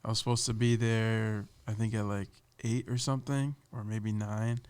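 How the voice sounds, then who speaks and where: A man casually telling a lively story from his first job on a podcast. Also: lowish voice, moderate pace, smooth. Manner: lively, animated, slips into voices of people he quotes.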